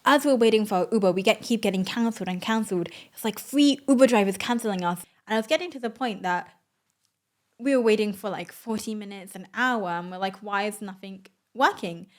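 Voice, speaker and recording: A young adult woman, a vlogger, telling a story in a casual voice-over, chatty and excitable, full of "like" and "oh my god". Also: medium pitch, fairly quick.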